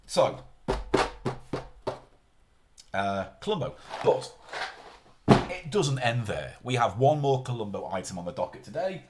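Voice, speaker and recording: A man's voice: mid-range voice, big pitch swings, moderate pace, heavy background noise. A man chatting casually on a live stream, rambling and often interrupting himself mid-sentence.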